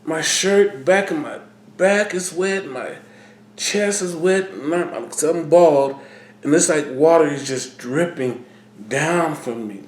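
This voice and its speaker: A man talking slowly and haltingly about his feelings, often repeating words and trailing off. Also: fairly high pitch, roomy sound. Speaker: vlogger. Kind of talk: personal talk to camera.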